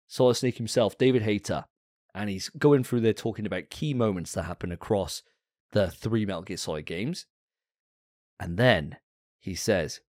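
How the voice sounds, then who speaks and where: A man on a gaming podcast who rants and curses freely. His low voice swings widely in pitch as he gets worked up. The sound is close and dry, with no room around it. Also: a little mellow, no echo. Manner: profane, fired-up ranting. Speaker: podcast co-host. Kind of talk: casual gaming podcast chat.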